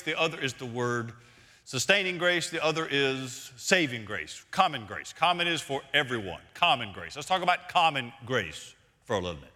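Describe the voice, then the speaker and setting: A man preaching a sermon as senior pastor, emphatic and repeating key phrases, swinging between loud points and hushed lines. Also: a little high. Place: church sanctuary. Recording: long reverb of a large hall.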